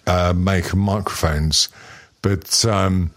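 A man's voice: sits low, fairly even intonation, takes it slowly, fairly bright tone. A middle-aged man co-hosting a podcast, chatting in a rambling, self-mocking way, swearing freely. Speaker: podcast co-host. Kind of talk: casual profane chat.

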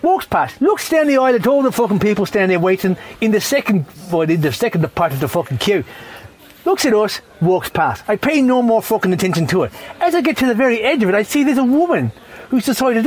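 A man's voice: high-pitched, big pitch swings, fairly quick. A middle-aged man with an Irish accent, delivering a rambling, profane comedic rant and sounding a little tipsy. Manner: rambling, constantly swearing, tipsy.

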